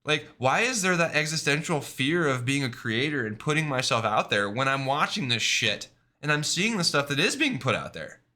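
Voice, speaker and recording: Brief: male streamer, bright, tense-edged tone, casual rambling chat full of fillers. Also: mid-range voice, very animated, normal speed, hardly any pauses. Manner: rambling, many fillers and tag questions.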